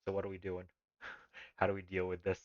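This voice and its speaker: Low-voiced rambling streamer man. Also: monotone, a little fast, no room sound, highs cut off. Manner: rambling asides with laughs and restarts. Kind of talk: live-streamed text adventure, reading and commenting.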